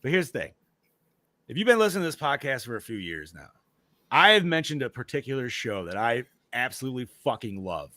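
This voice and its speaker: Man, podcast host, excitable, swears a lot, bright tense voice, dry close mic. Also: medium pitch, dry recording. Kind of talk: casual horror movie podcast chat.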